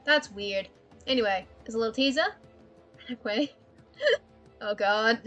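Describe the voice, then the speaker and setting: Streamer woman, higher bright voice, rambling, cursing chat over faint music. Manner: rambling, swearing, quick laughs. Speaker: art streamer. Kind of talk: casual livestream chat while drawing.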